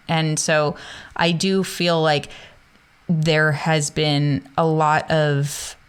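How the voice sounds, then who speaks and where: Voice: medium pitch, level tone, drawn-out words, clear, resonant tone. A podcast host asking long, rambling questions in a casual interview, full of fillers.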